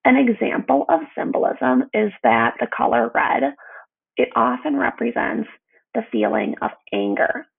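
A young adult woman teacher leading a read-aloud lesson for young children, speaking slowly and pronouncing every word clearly. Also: on the high side, very animated. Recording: tinny phone-like audio.

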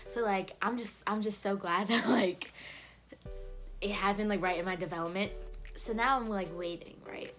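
A woman's voice: medium pitch, steady tone, normal speed, a bit bright, faint music behind. A teenage girl telling a story to her camera in a casual, chatty way, filling her speech with "like" and laughing often. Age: teens. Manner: chatty, fills every phrase with "like", laughs often. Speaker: vlogger.

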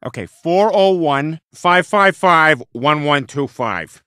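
Cast a blustering cartoon dad, high and bright with wild swings, stammering. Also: male voice, lively intonation, takes it slowly, clean tone, no room sound, studio quality, heavily acted. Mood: slow. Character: loud goofy middle-aged family man. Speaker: director on set. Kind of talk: cartoon voice acting.

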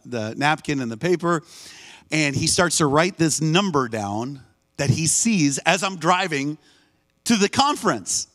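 A man preaching in a church, telling a story and acting out the people in it. His voice sits a little high, and he calls for amens along the way. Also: a bit bright. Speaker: guest preacher. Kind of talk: storytelling sermon. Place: church sanctuary, live service.

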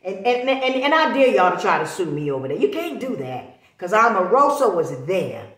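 A woman's voice: medium pitch, big pitch swings, moderate pace, fairly bright tone. A woman talking straight to camera in a vlog, insistent and preachy, often repeating words to drive a point home. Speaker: vlogger. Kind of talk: emphatic casual talk to camera. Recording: roomy echo.

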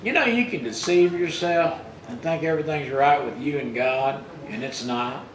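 A man preaching a sermon as pastor, retelling scripture in plain everyday speech and rising loud for the quoted rebukes. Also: fairly high pitch, normal speed, roomy sound, a little hiss or hum, rough recording.

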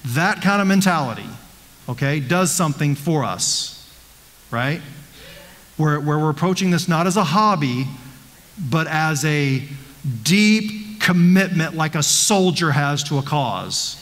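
A man's voice: on the high side, lively intonation, unhurried, a bit bright, in a large hall, rough recording. A man, a pastor, teaching a conversational Bible study with rhetorical questions and frequent restarts. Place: church.

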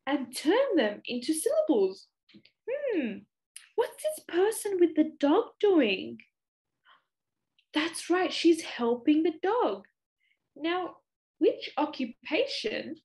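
A young Australian woman talks to small children in a high, lilting voice that rises and falls a great deal. She draws each phrase out slowly and warmly, like a preschool teacher. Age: young adult. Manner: slow, sing-song, exaggerated for young children. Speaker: speech clinic presenter. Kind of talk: children's educational lesson.

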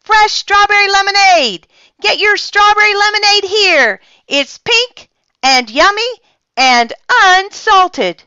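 A woman's voice: sing-song, moderate pace, fairly bright tone, no room sound. A woman voicing a proud young girl calling out to sell lemonade. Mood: hawking. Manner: shrill, hawking, proud. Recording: dull dry lo-fi sound.

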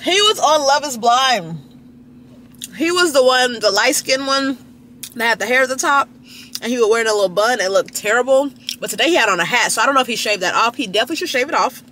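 A woman's voice: animated, fast, sharp tone, a little hiss or hum. A young woman, chatting casually and gossipily to her phone camera at a restaurant. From Dallas, Texas. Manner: gossipy and chatty, swooping pitch jumps. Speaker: lifestyle vlogger. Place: at a restaurant, people watching.

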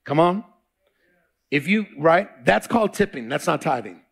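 A man's voice: fairly high pitch, lively intonation, measured pace, gravelly, slightly rough. A male pastor preaching a sermon, quizzing the congregation in call-and-response.

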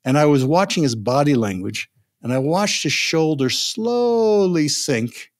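A man's voice: a little high, measured pace. An older man, a negotiation expert, telling a story in a podcast interview and acting out the voices of the people in it. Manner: animated storyteller, acts out quoted voices.

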